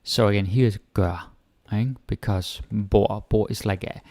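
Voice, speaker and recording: A man from Denmark with a Danish accent teaches an online language lesson in a dark, mellow, gravelly voice. He talks slowly and casually, repeating short example phrases. The sound is close and dry. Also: lowish voice, steady tone, no echo.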